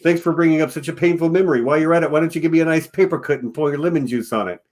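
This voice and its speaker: A man's voice: fairly high pitch, very fast, a little mellow, pitched above the performer's own voice, natural voice. A man playing a salty, grumpy old miracle man in a clumsy put-on Brooklyn accent. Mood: grumbling.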